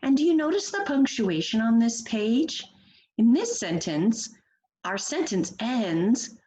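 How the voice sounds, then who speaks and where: A woman's voice: fairly high pitch, takes it slowly, poor audio. A woman teacher guiding first graders through a picture book, asking them questions in an encouraging way. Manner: encouraging, asks children questions, expressive. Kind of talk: read-aloud reading lesson for children.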